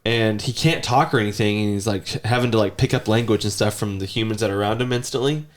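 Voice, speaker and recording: A man's voice: fairly low pitch, fast talker. A man in his thirties telling rambling stories in casual podcast chat, sometimes mimicking a child's whiny voice. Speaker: podcast host.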